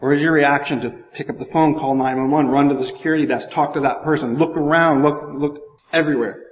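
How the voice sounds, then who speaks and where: A man's voice: fairly high pitch, steady tone, quick pace, a little hiss or hum. A man preaching a sermon, talking in a conversational way, often asking his listeners questions and reading scripture in older English. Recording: echoey hall over a phone-like line.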